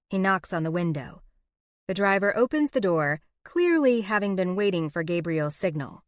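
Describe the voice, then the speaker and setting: A woman reads a first-person romance audiobook, expressive and wry. Her voice sits on the low side and the sound is dry and close, with no room around it. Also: moderate pace, no room sound. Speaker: audiobook narrator.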